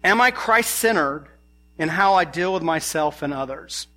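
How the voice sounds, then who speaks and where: Male preacher with a bright tone, earnest sermon, questions to the congregation. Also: fairly high pitch, animated, moderate pace.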